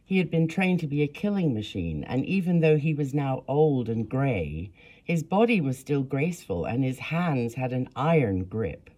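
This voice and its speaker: Earnest first-person memoir narrator, lively pitch. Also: normal speed.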